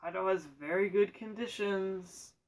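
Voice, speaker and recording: A man spins a rambling comic monologue in a deadpan manner, tripping over his words and correcting himself. His voice sits fairly high for a man. He sounds distant from the microphone. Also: moderate pace. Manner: deadpan, self-correcting, absurd asides. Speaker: storyteller.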